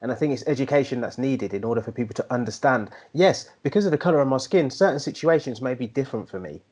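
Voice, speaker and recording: A man's voice: mid-range voice, animated, fast talker, darkish tone. A man from the UK co-hosting a casual chat podcast, talking in an earnest, reflective way with many fillers. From United Kingdom. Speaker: podcast co-host.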